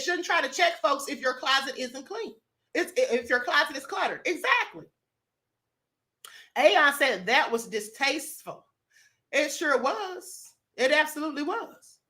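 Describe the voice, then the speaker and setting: A woman's voice: high-pitched, bright, forceful tone. A woman from Kentucky, hosting a livestream and reading viewer comments in sassy, emphatic casual commentary, often saying honey and beloved. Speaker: livestream host.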